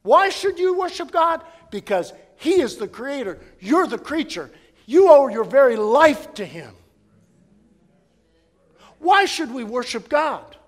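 A man preaching a sermon as pastor, swinging from loud emphatic preaching to hushed prayer in a church sanctuary. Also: very high-pitched, very animated, slow, big-room sound.

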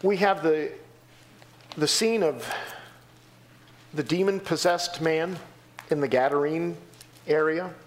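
A man's voice: slow, pauses often, slight background noise. A man preaching a sermon in a church, acting out the voices of the people he quotes and answers from the pews. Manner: animated, acts out quoted voices with sudden pitch jumps. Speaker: pastor.

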